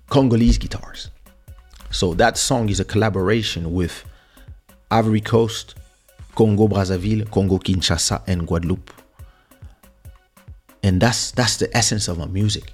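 A man's voice: on the low side, darkish tone. A man, hosting a podcast and casually telling a story from his music career, repeating and restarting words as he recalls. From France. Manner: reminiscing, frequent word repeats and restarts.

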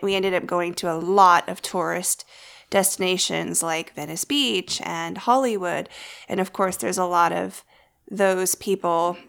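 A woman's voice: fairly low pitch, gravelly, a bit bright. A woman co-hosting a podcast in casual chat with her husband, chatty and easygoing. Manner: chatty, easygoing, laughs often. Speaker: podcast co-host.

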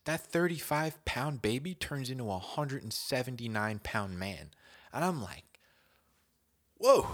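A young man hosting his own podcast, telling a casual story in a slangy, animated way, dropping to whispers and jumping to shouts as he acts it out. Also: medium pitch. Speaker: podcast host.

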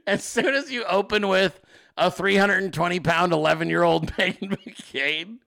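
A male host giving profane comedic political commentary, animated and often laughing. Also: sits high, moderate pace, gravelly.

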